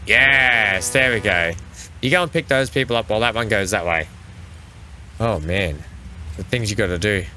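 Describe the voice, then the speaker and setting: A man narrates his game session in a casual, chatty way, scolding and cheering the vehicles on screen. His voice sits low but has a bright, forceful edge. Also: moderate pace, long pauses, slight background noise. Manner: chatty, talks to the game's vehicles. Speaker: gaming channel host. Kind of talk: let's play commentary.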